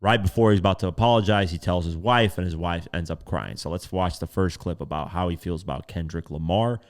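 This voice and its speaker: A man's voice: sits low, fairly quick. A man hosting a commentary podcast, talking casually with exasperation and some swearing. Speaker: podcast host.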